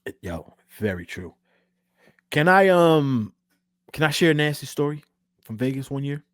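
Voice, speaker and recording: A man's voice: fairly high pitch, very animated, moderate pace, no room sound, clean studio sound. A man co-hosting a podcast, telling stories in loose, profane casual chat. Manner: profane, laid-back storyteller. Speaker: podcast co-host.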